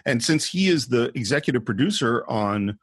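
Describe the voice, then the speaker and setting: A man co-hosting a casual film discussion podcast, animated and acting out the characters' lines. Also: mid-range voice, moderate pace, slightly rough, no echo, studio quality. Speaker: podcast co-host.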